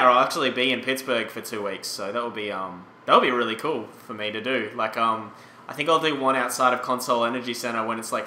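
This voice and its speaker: Bright-voiced young man in an echoey room. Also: medium pitch, slight background noise. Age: 20s. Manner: rambling, exclamatory reactions. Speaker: gaming YouTuber. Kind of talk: casual gameplay commentary.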